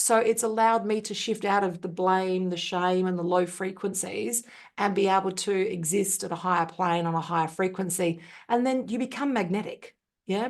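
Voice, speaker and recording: A woman speaks as a podcast guest, her voice sitting at an ordinary middle pitch. She tells her story earnestly and thoughtfully, pausing on ums and restarting sentences as she works through each point. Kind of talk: reflective personal storytelling.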